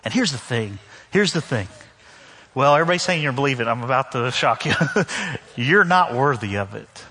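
A man's voice: mid-range voice, expressive, moderate pace, sharp tone, slightly rough. A man from the northern United States preaching a sermon to his church, conversational and joking, with emphatic repetition. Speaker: pastor. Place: church sanctuary. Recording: long hall reverb.

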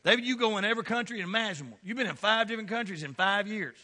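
A man preaching a sermon in church, swinging between loud calls and hushed asides. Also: high-pitched, expressive, racing.

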